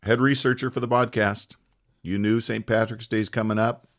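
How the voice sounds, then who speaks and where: A man hosting a podcast who chats casually and jokes, reciting a toast in a lively way. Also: lowish voice, moderate pace. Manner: lively, joking delivery.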